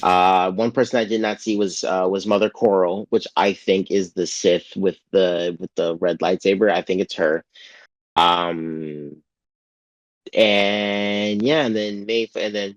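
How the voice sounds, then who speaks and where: Chatty low-voiced man, dry close sound. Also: fairly even intonation, a little slow, no echo, lo-fi sound. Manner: rambling, full of "like" and restarts, acts out quotes in a raised voice. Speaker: podcast co-host. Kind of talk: casual chat recapping a TV episode.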